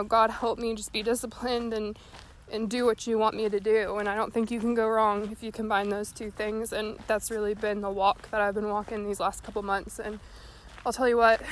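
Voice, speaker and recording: A woman's voice: fairly high pitch, slight background noise. A young woman hosting a podcast, talking casually and a little out of breath while she walks. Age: young adult. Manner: rambling, folksy, earnest. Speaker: podcast host. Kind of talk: casual solo talk. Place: walking outdoors.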